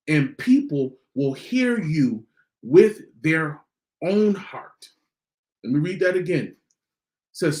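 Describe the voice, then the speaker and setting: A man hosting a motivational podcast, repeating his key lines slowly for emphasis. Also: a little high, big pitch swings, a little mellow, roomy sound. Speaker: podcast host.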